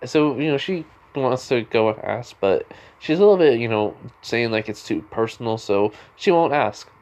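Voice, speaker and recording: A man tells a fan story in a loose, rambling way, circling back and restarting his sentences often. His voice sits at an ordinary middle pitch, and the telling feels offhand and unscripted. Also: expressive, normal speed, darkish tone. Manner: rambling, full of fillers and restarts. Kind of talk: casual retelling of a fan story.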